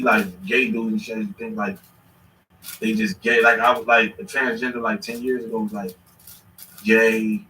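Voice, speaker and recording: A man in his thirties telling stories in casual chat, animated and swearing freely. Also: lowish voice, far from the mic, a little hiss or hum. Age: 30s. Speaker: podcast host. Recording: echoey room, away from the mic.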